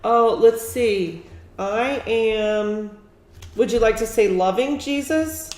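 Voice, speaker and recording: A woman's voice: on the high side, slow pace, a little mellow. A woman teacher giving a one-on-one beginning reading lesson, patient and encouraging, with lots of praise. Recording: echoey room with faint noise.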